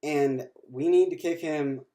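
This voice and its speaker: A man's voice: fairly high pitch, slow pace, mellow, voice pushed up. A man imitating a curt, officious female flight attendant. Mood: stern.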